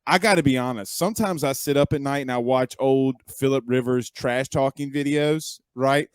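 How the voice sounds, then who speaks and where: A sports show host talks in a relaxed, chatty way, winding through long questions with plenty of filler words. His voice is dry and close, with almost no room echo. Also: medium pitch, moderate pace, clean tone. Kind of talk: casual interview.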